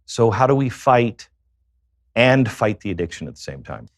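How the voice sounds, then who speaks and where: Appearing as an interview guest, a man tells a confessional personal story haltingly, with many pauses and fillers, yet he is very animated. His pitch is medium, and the studio-quality recording has no echo.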